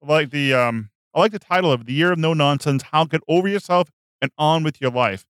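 A man hosting a podcast interview, asking questions in quick, conversational chat. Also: on the high side, fairly bright tone, clean tone, no echo, studio quality. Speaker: podcast host.

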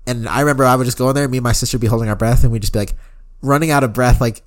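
A man's voice: medium pitch, rapid-fire. A young man co-hosting a podcast in casual chat, swearing often and saying "like" and "bro" a lot. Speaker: podcast co-host.

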